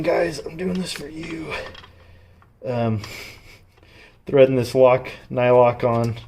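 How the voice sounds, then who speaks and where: A man's voice: mid-range voice, a little mellow, slight background noise. Chatty man narrating his own repair work. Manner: chatty, joking, strained while reaching. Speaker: DIY car vlogger. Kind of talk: casual how-to commentary while working. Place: working on a truck's rear suspension.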